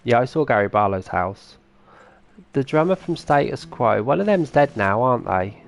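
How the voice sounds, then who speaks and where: A man's voice: medium pitch, sing-song, normal speed, vocal fry. A man streaming a farming game, chatting casually and answering his viewers' comments as he plays. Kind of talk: casual live-stream chat.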